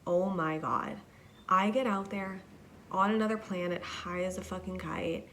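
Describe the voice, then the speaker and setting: A woman's voice: on the low side, steady tone, unhurried, fairly bright tone, a little hiss or hum. A young woman hosting a podcast, telling a rambling, profane, self-deprecating story in a casual monologue. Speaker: podcast host.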